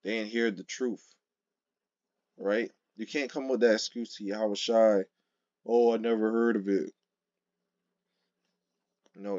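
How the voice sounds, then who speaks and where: A man giving an informal sermon, reading scripture verses slowly and then driving points home emphatically with frequent "okay?" and "right?". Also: fairly low pitch, a little mellow, dry recording, dull audio. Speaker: street-style scripture teacher.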